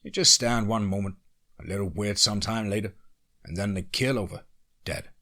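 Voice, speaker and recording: A man's voice: on the low side, normal speed, pushed and bright. A man voicing a young male rancher with an American country accent, evasive and fumbling for words. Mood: hesitant.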